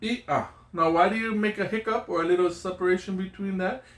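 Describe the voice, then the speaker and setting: A man's voice: high-pitched, fairly even intonation, quick pace. A middle-aged man teaching children Hawaiian pronunciation, patiently repeating each word and checking in with "okay?" and "yeah?". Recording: echoey room.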